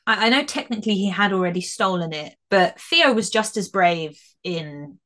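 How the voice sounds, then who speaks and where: A chatty woman at mid pitch talks through a TV episode with her co-host in a relaxed podcast conversation. She is animated and quick to laugh, and she often restarts her sentences. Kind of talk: casual episode review chat.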